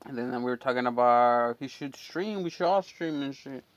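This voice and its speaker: A medium-pitched man at a moderate pace tells a long, profane, rambling story from his neighborhood, packed with fillers, in a casual chat as a storyteller and channel host. The recording is dry and dull.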